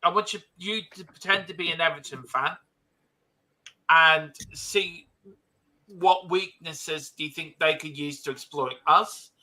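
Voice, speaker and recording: Bright-voiced, high-pitched man. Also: measured pace, rough recording. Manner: rambling, laughs easily, many restarts. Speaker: host. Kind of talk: casual football podcast chat.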